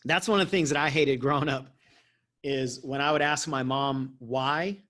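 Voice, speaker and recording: A man's voice: mid-range voice, fairly even intonation, moderate pace, fairly bright tone. A man who works as a life coach, telling a story in a casual, self-mocking way and laughing often.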